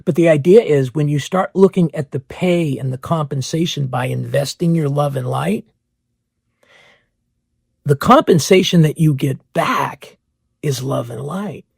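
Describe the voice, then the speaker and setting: High gravelly-voiced man hosting a podcast. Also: darkish tone, dry recording, clean studio sound. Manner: rhetorical questions, repeats phrases. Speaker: podcast host. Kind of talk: spiritual podcast monologue.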